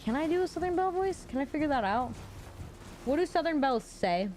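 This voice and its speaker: A woman streamer talks to her chat while she plays, rambling through filler words and tossing out casual swears. Her voice sits at an ordinary middle pitch, and a faint hiss runs underneath. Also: expressive, brisk, a little mellow. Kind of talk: casual gaming livestream chat.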